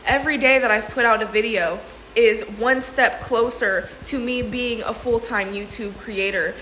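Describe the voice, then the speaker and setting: A woman's voice: a little high, moderate pace, fairly bright tone, slight background noise. Emotional, slangy young woman vlogger. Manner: emotional, laughing through tears; slangy, says "bro" and "sis". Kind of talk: casual vlog chat. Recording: echoey room with faint ambience.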